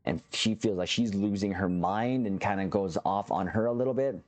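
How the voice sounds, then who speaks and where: A man's voice: fairly low pitch, normal speed, a little mellow. A man hosting a reaction channel, casually recapping a TV episode in a loose, rambling way with frequent restarts, talking straight to his viewers. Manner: rambling, restarts often, addresses viewers as captains.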